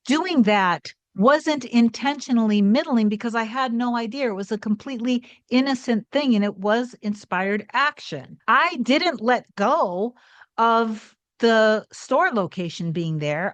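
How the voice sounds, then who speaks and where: A woman's voice: fairly high pitch, animated, measured pace, no room sound. A woman coach earnestly telling a personal story in a rambling, heartfelt way. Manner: earnest, rambling with restarts and acted quotes. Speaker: manifestation coach.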